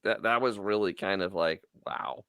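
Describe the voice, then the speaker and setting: A man co-hosting a podcast in casual chat, speaking haltingly with stumbling restarts and often agreeing. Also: sits low, sharp tone, smooth, dry recording. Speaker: podcast co-host.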